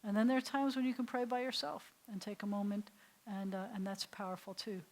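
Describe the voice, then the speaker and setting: A woman's voice: mid-range voice, level tone, a little mellow. Woman rabbi teaching a prayer class. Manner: recites Hebrew prayers slowly, then translates phrase by phrase. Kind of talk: adult education class on prayer.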